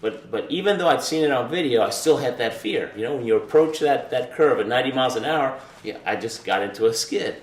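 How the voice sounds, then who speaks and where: A man's voice: mid-range voice, expressive, a little fast, hardly any pauses. A man in his thirties, an Olympic luge athlete, telling a personal story in a loose, conversational way with repeated words and fillers. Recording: roomy, distant mic with faint ambience.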